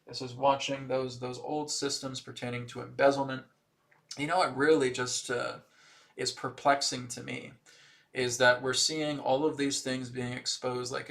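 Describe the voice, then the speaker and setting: Male tarot-stream host, gravelly voice, animated and mocking delivery. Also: mid-range voice. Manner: animated, mocking impressions, frequent laughs. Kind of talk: live-stream spiritual commentary.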